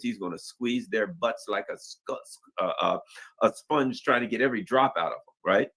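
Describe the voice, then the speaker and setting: A man hosting casual political commentary, rambling with asides and briefly acting out the people he quotes. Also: lowish voice. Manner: animated, acts out quoted voices, rambling asides.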